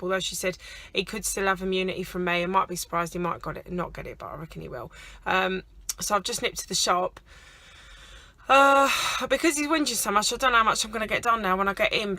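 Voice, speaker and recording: Chatty British mum with a bright voice. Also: female voice, lowish voice, dry recording. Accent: British English. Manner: chatty, rambling, lots of ums. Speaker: mum vlogger. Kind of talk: casual vlog chat to camera. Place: at home and out at the shops.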